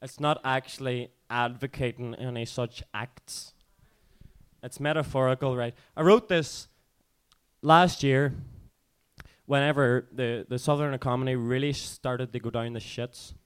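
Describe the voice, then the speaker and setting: A man's voice: mid-range voice, fairly even intonation, unhurried, clean tone. A man from performing an angry, profane spoken word poem, chanting repeated refrains. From Northern Ireland. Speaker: performance poet.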